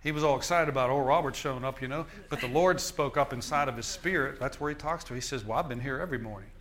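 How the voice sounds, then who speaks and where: A man's voice: medium pitch, fast, fairly bright tone. A male minister preaching a sermon in an emphatic, repetitive style, often restarting his phrases.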